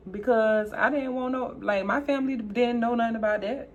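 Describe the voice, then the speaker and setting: A woman's voice: normal speed, few pauses, highs cut off. A young woman vlogger chatting casually while doing her makeup, acting out both sides of a conversation, with Southern US slang. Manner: animated, acts out both sides of a dialogue, jumps high for her own exclaims. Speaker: beauty vlogger.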